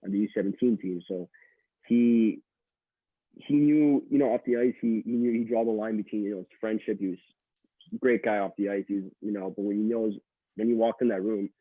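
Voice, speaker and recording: Young guy from quebec rambling through hockey stories, husky voice, fast, sounds like a phone line. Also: on the low side, fairly even intonation, no room sound. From Quebec, Canada. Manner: rambling, many fillers and restarts. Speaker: guest, college hockey player. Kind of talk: casual storytelling interview. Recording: dry tinny call audio.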